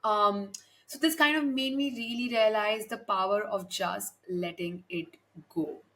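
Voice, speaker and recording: A woman's voice: medium pitch, unhurried, a bit bright. A young woman hosting a podcast, giving a frank, emphatic solo monologue with frequent swearing and restarts. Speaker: podcast host.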